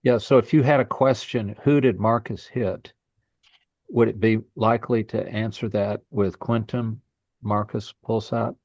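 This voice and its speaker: Man, student, low pitch, dry, tentative questioning. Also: fairly even intonation, normal speed, darkish tone, dry recording. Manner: asks tentative clarifying questions. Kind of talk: classroom questions.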